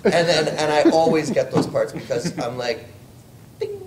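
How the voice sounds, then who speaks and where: A man, a voice actor speaking on a convention panel, telling stories in an animated, rambling way. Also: fairly high pitch, normal speed, distant mic. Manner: animated, rambling storyteller who laughs often. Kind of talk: casual convention panel talk. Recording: echoey hall, faint ambient noise.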